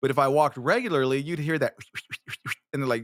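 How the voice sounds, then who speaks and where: A man's voice: mid-range voice, fairly quick, pauses often, fairly bright tone, no room sound, studio quality. A man hosting a show, telling comic stories in a rambling, profane way with many restarts. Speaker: show host. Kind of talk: comedic storytelling.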